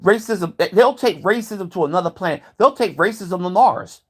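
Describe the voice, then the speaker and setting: A man's voice: high voice, lively intonation, normal speed, a bit bright, slightly rough. A man vlogging a heated, profane rant, repeating himself as he builds his point. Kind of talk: ranting commentary.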